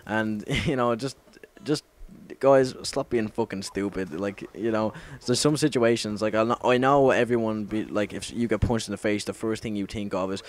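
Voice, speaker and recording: A man's voice: lowish voice, moderate pace. A young man telling a story casually over gameplay, rambling, swearing a lot and correcting himself as he goes. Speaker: gaming commentator.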